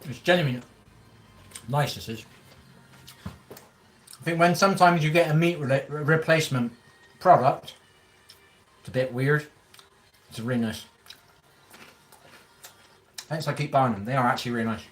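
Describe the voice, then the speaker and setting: A man chatting casually on a live stream while eating, colloquial and quick to laugh. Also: mid-range voice. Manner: chatty, laughs often, mouth full at times; colloquial, swears freely.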